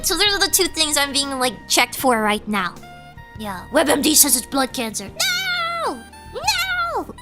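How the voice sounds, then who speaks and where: A woman streamer chatting casually and rambling, cutting herself off mid-sentence and reading chat messages aloud. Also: sits high. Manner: animated, rambling, self-interrupting, reads chat aloud.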